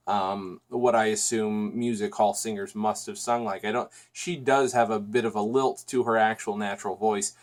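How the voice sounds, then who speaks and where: Chatty man rambling through a podcast review. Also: fairly low pitch. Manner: rambling, chatty, frequent restarts and fillers. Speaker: podcast host. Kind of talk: casual solo podcast review.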